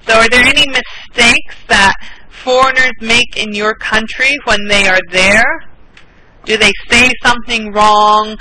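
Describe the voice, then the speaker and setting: Casting: American woman as an English tutor, very slow and patient, mid-pitched, over a noisy line with clicks. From United States. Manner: patient, repeats words slowly, laughs often. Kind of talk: online English class. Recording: steady background noise with clicks.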